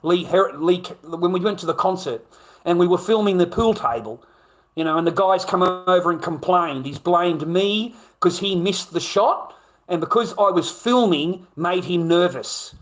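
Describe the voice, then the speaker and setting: High-voiced, foul-mouthed man streaming. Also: moderate pace. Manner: blunt, heavily profane, rambling with frequent laughs. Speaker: live streamer. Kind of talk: casual live-stream chat with viewers.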